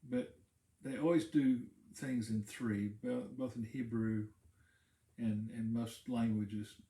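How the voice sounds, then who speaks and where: A man's voice: mid-range voice, fairly even intonation, slow, dark tone. A man, a pastor, giving a casual Bible teaching talk, explaining in a conversational way and repeating words while he thinks. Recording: roomy echo.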